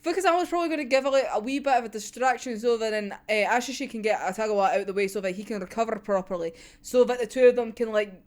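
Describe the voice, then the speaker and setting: A woman reacting to a manga chapter in casual, animated chat, swearing freely and laughing often. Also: a little high, very fast, few pauses.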